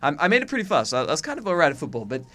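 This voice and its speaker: Young guy, faint Aussie accent, slightly high voice, cheeky, swears a lot, webcam vlog. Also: wildly swooping pitch, very fast, fairly bright tone. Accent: faint, watered-down Australian. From Australia. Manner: chatty, swears freely, self-mocking. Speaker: YouTuber. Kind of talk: casual chat to camera.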